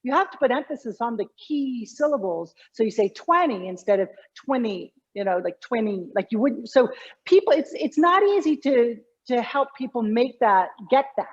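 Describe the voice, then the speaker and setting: A woman communication coach explaining speech habits in an interview, emphatic and lively. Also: fairly high pitch, moderate pace, breathy edge, muffled recording. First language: English. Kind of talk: conversational interview.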